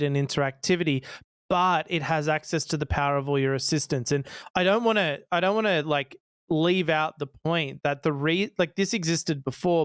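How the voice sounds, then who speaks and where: A man's voice: a little high, clear, resonant tone, dry recording, clean studio sound. A man co-hosting a tech podcast, explaining ideas eagerly with frequent restarts. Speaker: podcast co-host. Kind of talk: casual tech podcast chat.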